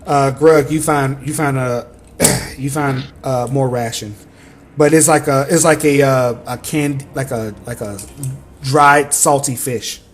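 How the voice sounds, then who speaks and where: A man's voice: mid-range voice, steady tone, measured pace, a little hiss or hum. Rambling man narrating as game master. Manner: rambling, filler-heavy narration.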